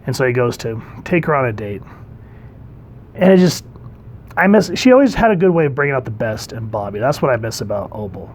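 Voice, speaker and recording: A man's voice: medium pitch, expressive, brisk, a little hiss or hum. Enthusiastic man reviewing comics. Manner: enthusiastic, conversational with frequent fillers. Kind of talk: casual commentary.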